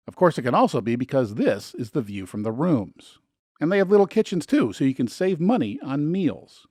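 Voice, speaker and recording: A man's voice: fairly high pitch, darkish tone, no echo. A man hosting a travel guide, giving scripted narration with dry, sarcastic asides.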